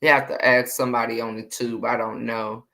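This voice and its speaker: A woman's voice: very deep voice, steady tone, fairly quick, bright, forceful tone. A woman hosting a casual live stream, chatting with viewers and greeting them by name with repeated hellos.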